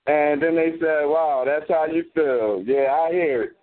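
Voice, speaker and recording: A blunt, swearing man hosts a radio talk show and argues loosely with his co-hosts. His voice sits a little high for a man. It comes through a narrow, phone-like band. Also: measured pace. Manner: blunt, animated, swears freely.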